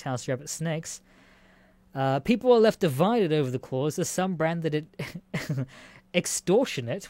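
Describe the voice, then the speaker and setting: Aussie voice reading weird news and cracking up, swears a lot, mid pitch, dry close sound. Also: darkish tone, no room sound. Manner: swears freely, laughs often, incredulous asides. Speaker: streamer reacting to news stories. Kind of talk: casual reaction commentary.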